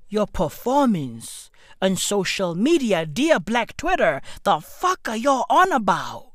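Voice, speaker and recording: A woman's voice: mid-range voice, very animated, slow, dry recording, clean studio sound. A woman with a South African accent, ranting in profane comic commentary and swearing heavily. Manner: rants loudly with heavy swearing and slang. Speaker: comedic commentator.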